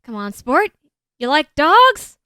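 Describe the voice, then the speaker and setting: A woman voicing a gruff, fatherly male police detective in a game, speaking in a lowered voice with a tough, folksy manner. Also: big pitch swings, takes it slowly, sharp tone, dry recording, studio quality, full character voice. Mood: reassuring.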